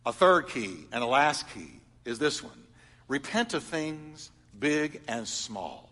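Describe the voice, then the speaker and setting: A middle-aged man preaching a sermon, telling stories and swinging from loud emphatic lines to soft confiding ones. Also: medium pitch, big pitch swings, takes it slowly, big-room sound. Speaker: pastor.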